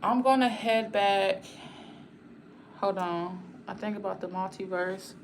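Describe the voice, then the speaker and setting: A woman's voice: mid-range voice, slow pace, a little hiss or hum. A woman chatting casually on a livestream, rambling and talking straight to her viewers in a blunt, outspoken way.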